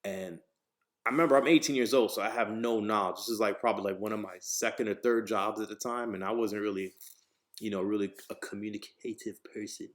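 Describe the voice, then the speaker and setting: Lowish in pitch and fairly quick, a podcast host from New Jersey narrates a story in loose, profane language. He animates it by voicing the people involved.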